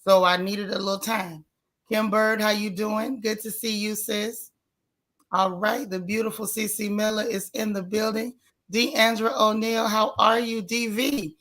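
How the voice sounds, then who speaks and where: A folksy woman hosts a casual livestream, chatting and greeting viewers one by one. Her medium-pitched voice is strained yet a bit bright, with a steady tone and an unhurried pace.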